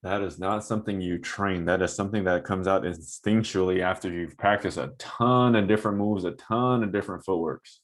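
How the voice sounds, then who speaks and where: A man's voice: deep voice, fairly quick, hardly any pauses. A man who coaches basketball talks through game footage casually, asking "right?" often to check that the viewer is following. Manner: animated, coaching asides with frequent "right?". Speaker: basketball trainer breaking down game film. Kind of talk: casual film-breakdown commentary.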